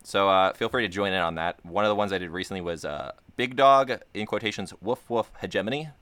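A young man with a very deep voice co-hosts a casual podcast, cracking goofy jokes with dry humor. The sound is close and dry, with no room around it. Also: fast, fairly bright tone, clear, resonant tone, no room sound. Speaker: podcast co-host.

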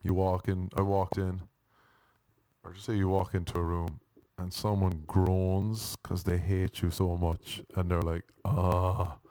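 Wry, low-voiced male comic rambling. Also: level tone, unhurried, warm tone, dry recording. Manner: self-deprecating, wry, switches into mock voices.

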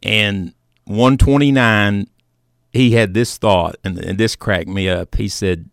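A man hosting a sports talk show, telling a story in a measured way with plenty of fillers. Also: lowish voice, fairly even intonation, vocal fry, no echo, studio quality. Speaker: sports radio host.

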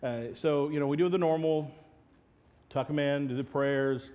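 A man's voice: on the high side, fairly even intonation, moderate pace, darkish tone, lo-fi sound. A male pastor giving a sermon, mixing funny family stories with earnest teaching. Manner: humorous storytelling, then earnest teaching.

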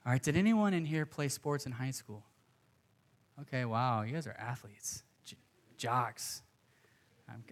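Young male pastor, slightly high voice, earnest and chatty from the pulpit. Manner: earnest, conversational preaching with asides. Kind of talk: sermon.

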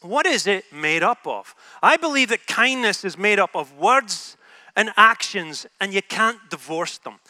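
Bright-voiced Scottish male preacher. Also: high voice, no echo. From Scotland. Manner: humorous, conversational, frequent tag "right?". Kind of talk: sermon. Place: in a room with an audience.

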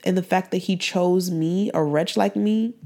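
A woman's voice: fairly low pitch, steady tone, measured pace, mellow. Earnest young woman hosting a faith podcast. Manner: earnest, heartfelt, rambling with restarts. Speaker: podcast host. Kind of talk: faith-based podcast monologue.

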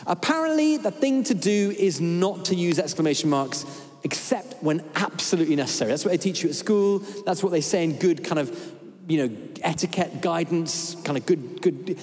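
A man preaching a sermon. He is animated and humorous and acts out bits of dialogue. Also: fairly high pitch, normal speed. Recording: reverberant church hall.

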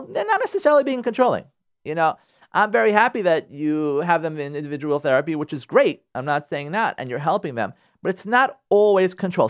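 A man giving marriage advice on a radio talk show, his fairly high voice leaping up and down as he stresses each point. He repeats himself for emphasis, and the sound is close and dry. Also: no room sound.

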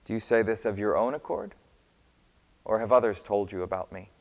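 A man voicing a calm, soft-spoken prisoner on trial, speaking quietly and slowly. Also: on the low side. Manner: quiet, measured. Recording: long hall reverb.

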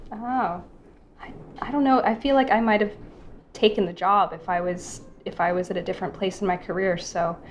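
A woman illustrator on a podcast panel, speaking thoughtfully and haltingly, with frequent restarts. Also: medium pitch, steady tone, a little hiss or hum.

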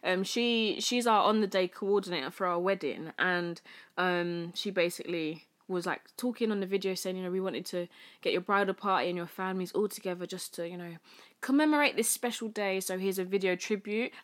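A young British woman talks as a guest in a relaxed chat. She tells her story with lots of fillers and little acted-out quotes. Her voice sits in an ordinary middle range. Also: medium pitch, brisk. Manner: chatty storytelling, many fillers, acts out quoted speech. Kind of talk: casual chat.

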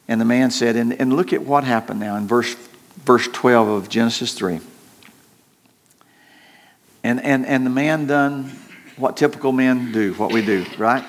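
An older man preaching a sermon in an earnest tone, repeating words and slowing down to stress his points. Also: medium pitch, steady tone. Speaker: pastor.

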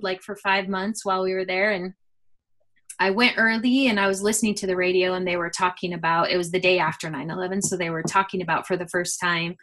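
A middle-aged woman, a guest, telling a personal faith story in an earnest, animated way with many fillers. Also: mid-range voice. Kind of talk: personal testimony in a conversation.

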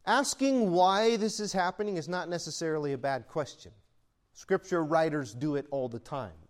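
A man's voice: fairly high pitch, moderate pace. A man preaching a sermon in a conversational style that swells into emphatic peaks. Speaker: pastor.

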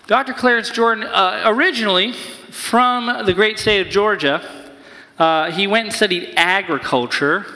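High bright-voiced preacher guy, hyped and playful, big echoey church hall. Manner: energetic, playful, shifts into excited voices. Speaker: pastor. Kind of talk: sermon.

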